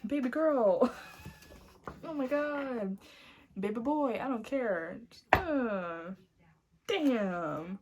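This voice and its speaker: A woman's voice: fairly high pitch, very slow, long pauses. Woman doing a tarot reading, cusses a lot, hyped, cards shuffling, some noise in the background. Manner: blunt, profane, excitable. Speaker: tarot reader.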